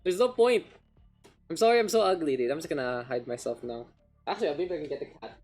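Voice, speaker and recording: A man's voice: a little high, sing-song, fast, a little mellow, slightly rough, faint music behind. A man with a Filipino accent, hosting a casual game stream and swearing loosely as he mixes English with Filipino. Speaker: caster and stream host.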